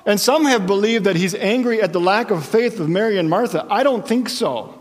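A man's voice: sits high, brisk, in a large hall. A man preaching a sermon as pastor, explaining scripture in a conversational way and checking in with his listeners.

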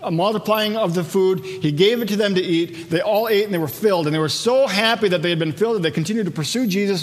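A man preaching a sermon in a conversational way, slowing down when he quotes scripture. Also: high voice, in a large hall. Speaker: pastor.

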